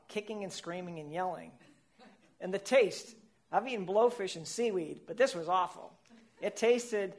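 A man telling a comic story in the first person as a whale, playful and laughing at his own lines. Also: high voice.

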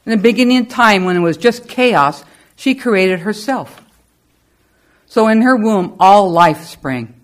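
A woman in middle age speaks to her congregation at a slow, deliberate pace. Her voice rises and falls in wide, animated swings as she tells her stories. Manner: lively storyteller with animated pitch. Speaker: service leader. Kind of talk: spiritual talk to a congregation.

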